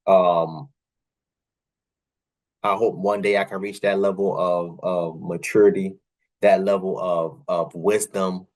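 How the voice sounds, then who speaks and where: A man with a Southern accent talks through a reaction video. His commentary is animated and full of repeated phrases and laughing asides. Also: low-pitched. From American South.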